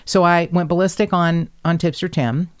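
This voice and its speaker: A woman hosting a podcast, telling stories in a casual, animated way, blunt and quick to swear. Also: lowish voice, smooth. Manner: animated, blunt storyteller who swears freely. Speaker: podcast host. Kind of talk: casual chat.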